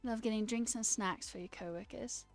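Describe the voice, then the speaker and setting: A woman's voice: a little high, normal speed, gravelly, soft background music. A woman streaming casually, reading her chat aloud and chatting back, laughing often. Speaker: livestreamer and new software engineer.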